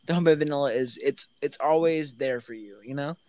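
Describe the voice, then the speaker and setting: A man's voice: mid-range voice, fairly quick, darkish tone, no echo. A young man co-hosting a casual chat, teasing and playful, who often repeats phrases. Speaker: podcast co-host.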